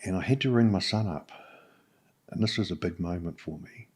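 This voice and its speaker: A middle-aged New Zealand man speaks in a low, husky voice. He tells his own story candidly and haltingly, with many "um"s and restarts along the way. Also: a little mellow. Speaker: podcast guest.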